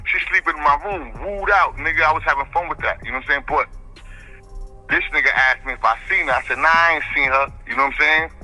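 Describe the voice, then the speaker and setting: A man tells a long street story in a very bright, forceful voice, full of slang. He rambles and keeps checking in with his listener, while faint music plays underneath. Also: mid-range voice, poor audio. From the Bronx, New York. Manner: slangy, rambling, keeps asking "you know what I'm saying". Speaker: interview guest.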